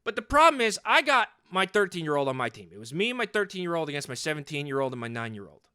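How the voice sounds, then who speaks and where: A man's voice: a little high, big pitch swings, quick pace, bright, forceful tone, clean tone, dry recording, studio quality, heavily acted. A man in his forties playing a hot-headed, overcompetitive sports dad in an improvised comedy podcast monologue, rambling and boastful and repeating himself. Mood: worked up. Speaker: podcast host in character.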